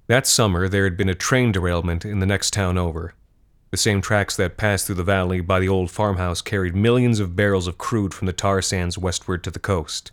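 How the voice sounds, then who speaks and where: Male narrator for dark fiction, very low voice, measured and steady delivery. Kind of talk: scripted horror fiction narration.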